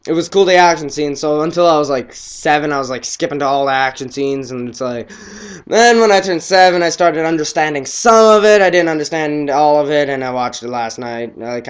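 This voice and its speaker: With a smooth, medium-pitched voice, a teenage boy rambles excitedly through a casual movie review, frequently trailing off into quiet.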